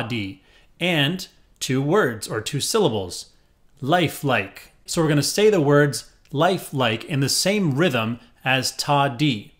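A man teaching a rhythm-reading lesson, explaining clearly and patiently and chanting counts and rhythm syllables. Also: medium pitch, fairly bright tone. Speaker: music teacher.

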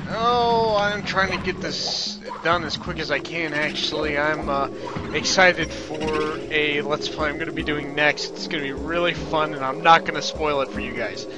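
A man's voice: fairly high pitch, steady tone, moderate pace. A man hosting a let's play, giving casual, chatty commentary as he plays, amused with himself and thinking aloud, with game music behind. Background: video game music.

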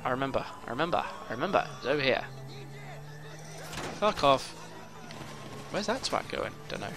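A man's voice: mid-range voice, sing-song, normal speed, over music. A young man commentating his own gameplay, swearing often and boiling over in frustrated outbursts. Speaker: gaming YouTuber.

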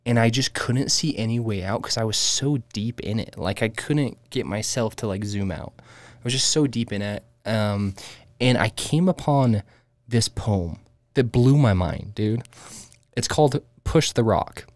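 A man's voice: fairly low pitch, a little slow, no room sound. Laid-back man chatting, dry close sound. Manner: relaxed, says "dude" and "like" a lot. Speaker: podcast co-host. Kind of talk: casual spiritual chat.

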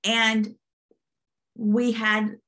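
A woman's voice: on the high side, flat delivery, drawn-out words, fairly bright tone. A woman minister giving an earnest testimony, retelling a dream vividly in a sermon. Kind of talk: sermon storytelling.

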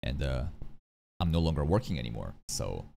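A man giving casual reaction commentary into a studio dynamic mic, animated and profane, often jumping into high mocking voices. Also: normal speed, gravelly, slight background noise. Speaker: reaction streamer.

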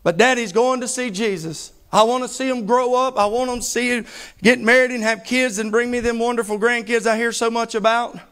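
A man's voice: very high voice, steady tone, fairly quick, fairly bright tone, clear, resonant tone. A man preaching a fervent sermon, building emphasis through repetition. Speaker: pastor.

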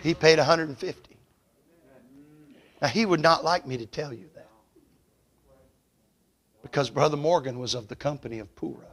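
A male evangelist delivers a storytelling revival sermon in a church. His voice sits a little high and rings bright and forceful, and he rises loud at the peaks and falls quiet at the ends of points. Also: normal speed, pauses often. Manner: swells loud and high at climaxes, drops soft at closes. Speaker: evangelist preacher. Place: church sanctuary.

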